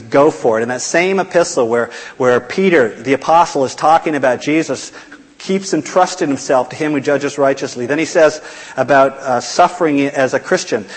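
A man preaching a sermon in a conversational way, with restarts and soft, quiet quotes. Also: medium pitch. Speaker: pastor. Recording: long hall reverb.

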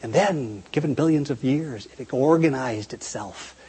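A man's voice: medium pitch, a little slow, a little mellow, breathy edge, big-room sound. A man preaching a sermon in a conversational, emphatic way, often posing rhetorical questions.

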